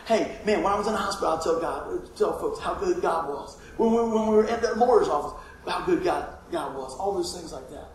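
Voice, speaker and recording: A man preaching a sermon, telling a personal story in a folksy, animated way. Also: sits high, brisk, few pauses, a little hiss or hum. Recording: echoey room from far off.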